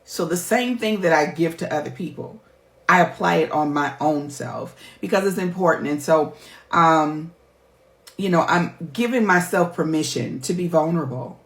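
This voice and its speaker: A woman's voice: sits low, normal speed. A middle-aged woman, a life coach, talking candidly to her viewers in a heartfelt, emphatic, chatty way. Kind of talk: candid personal vlog talk. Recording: roomy echo.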